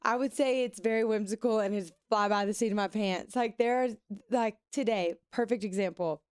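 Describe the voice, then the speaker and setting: A woman from Louisiana, a singer guesting at a radio studio, chatting in an animated way and laughing often. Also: mid-range voice, moderate pace, clean tone, dry recording. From Louisiana, USA. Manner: animated, laughs often, mimics her own voice. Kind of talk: casual chat.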